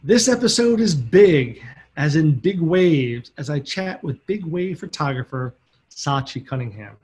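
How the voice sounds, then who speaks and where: A man's voice: fairly high pitch, animated, measured pace, a little mellow. A man hosting a podcast, reading an upbeat scripted introduction and then chatting casually with his guest. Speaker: podcast host.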